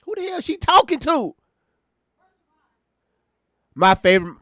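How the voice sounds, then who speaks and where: A man hosting a live stream, reacting to clips with loud, profane commentary that swings between shouted asides and low, disbelieving mutters. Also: wildly swooping pitch, a little slow, long pauses, no echo, studio quality.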